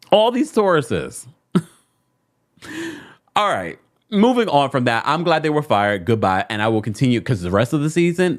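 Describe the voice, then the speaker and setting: Casting: opinionated New man hosting a chatty podcast, lively and animated. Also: a little high. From New York. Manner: animated and opinionated, talks straight to listeners. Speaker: podcast host. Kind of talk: casual pop-culture commentary.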